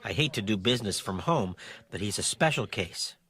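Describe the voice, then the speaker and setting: A man's voice: lowish voice, expressive, moderate pace, sharp tone, breathy edge, exaggerated voice. An actor playing a friendly, cheerful father in a scripted family dialogue.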